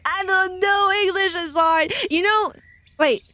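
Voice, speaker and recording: A young woman, a virtual streamer, speaks at an extremely high pitch with a bright, forceful tone and no echo. She streams casually, reading tarot card meanings aloud but often breaking off to giggle and chat playfully.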